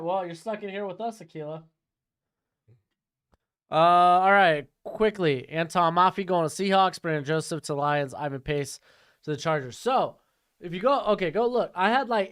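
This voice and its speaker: A man's voice: sits high, expressive, a little slow, a bit bright, clean tone. Chatty male draft streamer. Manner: chatty, reads chat questions aloud. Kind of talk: casual live-stream commentary.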